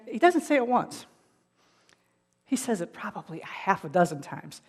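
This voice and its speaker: A woman pastor preaching a sermon, retelling a film scene in an animated storytelling manner. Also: medium pitch, normal speed, pauses often, breathy edge, in a large hall. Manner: animated, rising and falling in loudness.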